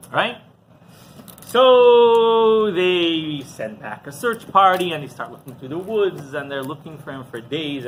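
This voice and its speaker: A rabbi telling a story in a class, with quick asides and questions to a live audience. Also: male voice, fairly high pitch, bright, forceful tone, a little hiss or hum.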